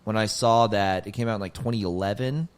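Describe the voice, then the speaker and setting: Rambling low-voiced young man telling a story. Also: fairly quick, clean tone. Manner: rambling, heavy on "like" and swearing, gets loud and high when excited. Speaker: podcast host, comedian. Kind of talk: casual storytelling chat.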